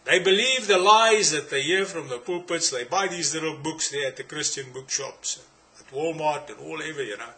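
At a moderate pace, a South African man with a fairly high voice preaches insistently, circling back over his points and throwing rhetorical questions at the congregation. His tone remains bright and forceful from start to finish.

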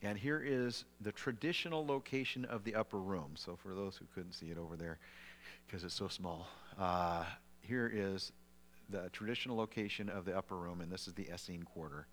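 A middle-aged male pastor preaches in a relaxed, conversational way, breaking into animated asides and restarting his phrases. His voice sits low. A long hall reverb trails behind every word. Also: moderate pace, a little hiss or hum. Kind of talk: sermon. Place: church sanctuary.

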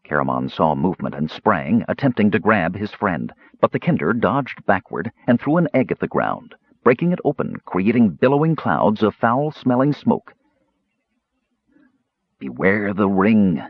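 A man reading scripted fantasy narration for an audiobook in a steady, measured way. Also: on the low side, breathy edge, no echo. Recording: dull lo-fi dry audio.

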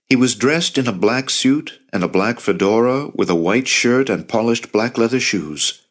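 A man narrating a novel as an audiobook in a steady storytelling manner. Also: mid-range voice, moderate pace. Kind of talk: scripted narration.

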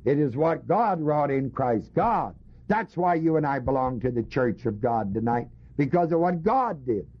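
A man's voice: mid-range voice, animated, normal speed, slightly rough. A male preacher teaching a Bible passage to his congregation, emphatic and fond of rhetorical questions. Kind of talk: sermon. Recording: dull lo-fi recording.

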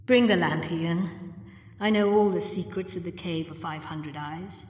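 A woman's voice: lowish voice, a little slow, close to an everyday voice. A woman voicing an authoritative man who gives firm orders, in a reverberant recording. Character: confident merchant leader man, stern. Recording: long reverb.

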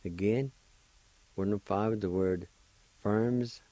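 Man, radio language teacher, deliberate syllable-by-syllable delivery, dark dry tone. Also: fairly low pitch, no room sound. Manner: breaks words into syllables, repeats them slowly. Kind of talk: slow pronunciation lesson.

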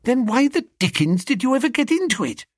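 A man voicing an impulsive young gentleman who talks in a chummy, excitable way. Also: very high voice, brisk, no echo, studio quality, pitched above the performer's own voice, full character voice. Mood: breezy.

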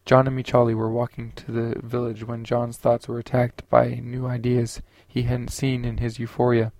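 A man narrating a science fiction audiobook in a steady, unhurried way. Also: mid-range voice, no echo.

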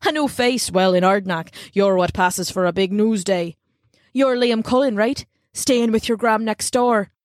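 A stout, bearded country constable who talks in an easygoing folksy way and teases a kid, as a woman reads him aloud. The read is dry and close. The pitch sits in her middle range. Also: unhurried, no room sound, lightly acted. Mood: friendly. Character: stout bearded village constable, jovial and teasing.

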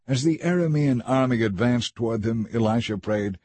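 A man reading a scripture story aloud in a measured, even narrating manner. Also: mid-range voice, slightly rough, no room sound. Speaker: audiobook reader.

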